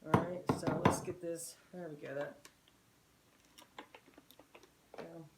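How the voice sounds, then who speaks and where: A woman with a deep, level voice speaks slowly as she hosts a home cooking video, casually chatting with viewers she calls "guys" and "y'all" while walking them through a recipe. She's in her home kitchen, which sounds roomy and echoey, and there's background noise.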